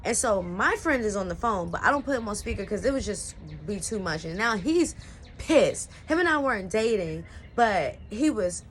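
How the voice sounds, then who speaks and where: A woman's voice: mid-range voice, animated, moderate pace, a little hiss or hum. A young woman telling a personal story in a casual, slangy style, full of "like" and "you know what I'm saying.". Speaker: storyteller vlogger.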